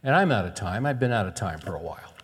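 With a lowish, husky voice, this preacher talks fast and expressively, sharing stories and rhetorical questions in an earnest, conversational sermon. The sound carries a long hall reverb.

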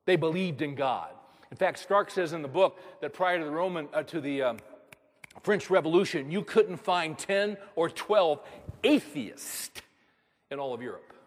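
A man's voice: fairly high pitch, expressive, measured pace, long reverb tail. A man preaching a sermon as a pastor, moving from storytelling to emphatic preaching.

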